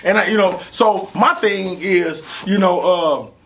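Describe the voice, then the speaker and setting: Gravelly, animated St. man. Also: sits high, measured pace. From St. Louis, USA. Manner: animated, profane, repeats "you know what I'm saying". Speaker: rapper interview guest. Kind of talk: casual storytelling interview.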